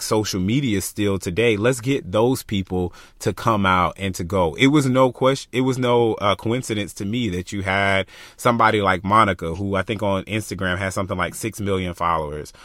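A young man from Florida, co-hosting a podcast in casual chat, passionate and animated, thinking aloud with lots of fillers. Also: on the low side, dry recording, studio quality. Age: young adult. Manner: passionate, animated, talks through ideas with many fillers. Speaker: podcast co-host.

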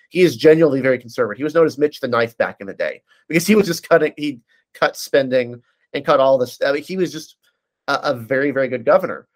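A man in casual political discussion, giving detailed analysis with frequent fillers and restarts. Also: mid-range voice.

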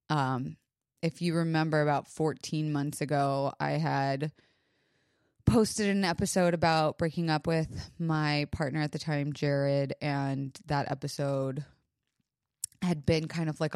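A young woman hosting a podcast, talking in a halting, emotional way while she holds back tears, with many pauses and fillers. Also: low voice, steady tone, darkish tone, smooth, no echo, studio quality. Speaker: podcast host. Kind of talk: personal monologue.

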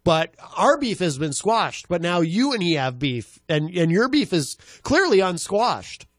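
Teasing man with a lively, high-ish voice. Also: a little slow, no room sound, studio quality. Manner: teasing, goading, slips into playful slang. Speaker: talk show host. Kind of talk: casual comedic banter.

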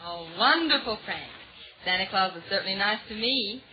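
A woman in 1940s radio comedy banter, teasing and quick with comebacks in period slang, on a dull old radio recording. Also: medium pitch, expressive, slight background noise. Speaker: guest star.

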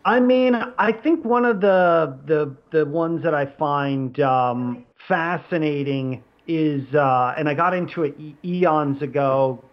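A man with a slightly higher voice than most talks casually as a podcast guest. He is animated and full of restarts and fillers. The sound is a bit muffled and lo-fi. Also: slow pace, hardly any pauses. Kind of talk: casual conversation.

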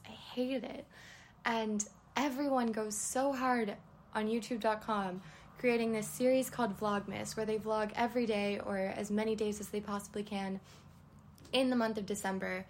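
A young woman with a slightly high voice talks on her own in a loose, rambling way. She hosts a casual solo podcast, drifts from one thought to the next and laughs easily as she goes. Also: slight background noise. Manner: chatty, rambling, laughs often. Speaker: podcast host.

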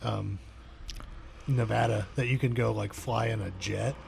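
A man's voice: lowish voice, steady tone, unhurried, vocal fry, darkish tone, slight background noise. A young man co-hosting a podcast, laid-back and slangy in casual chat. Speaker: podcast co-host.

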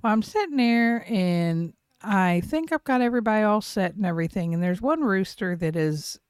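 A woman's voice: mid-range voice, animated, moderate pace, darkish tone, smooth, no room sound, clean studio sound. A middle-aged woman co-hosting a podcast, telling a story in casual chat, swearing freely and laughing often. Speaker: podcast co-host.

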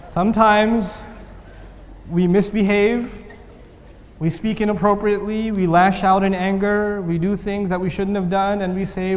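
A man delivering a sermon, animated and acting out the voices of the people he quotes. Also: high voice, measured pace, big-room sound. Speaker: Islamic preacher.

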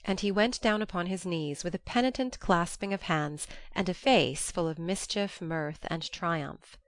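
A woman narrating an audiobook in a measured, gently earnest way. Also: on the low side, dry recording. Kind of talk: audiobook reading.

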